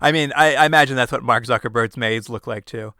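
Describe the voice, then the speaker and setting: A man's voice: medium pitch, quick pace, bright, forceful tone, dry recording, studio quality. A man co-hosting a podcast, recapping a movie in casual chat and laughing often. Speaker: podcast co-host.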